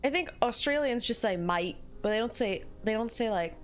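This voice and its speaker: A woman's voice: on the high side, animated, moderate pace, soft background music. A young woman streaming a game, joking and bantering with her chat. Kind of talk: casual gameplay chat.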